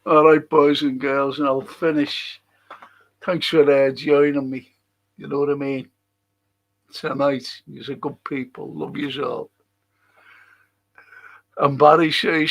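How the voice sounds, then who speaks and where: A man runs a casual livestream and chats his way through viewers' comments. His voice sits a little high and has a gravelly rasp. He talks slowly and rambles, with the odd curse thrown in. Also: flat delivery. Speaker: livestream host reading viewer chat.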